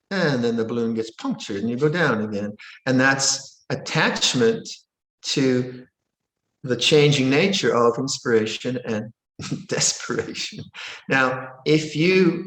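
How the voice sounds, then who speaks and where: Playful monk teaching in an echoey room. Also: male voice. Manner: gentle, playful, acts out moods with sudden high exclamations. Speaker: monastic teacher. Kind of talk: Dharma Q&A teaching. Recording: roomy echo.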